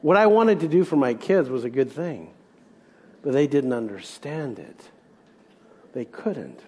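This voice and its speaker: A middle-aged man preaching a sermon as pastor, asking rhetorical questions with emphasis and dropping soft for reflective points. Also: medium pitch, very animated, unhurried, husky.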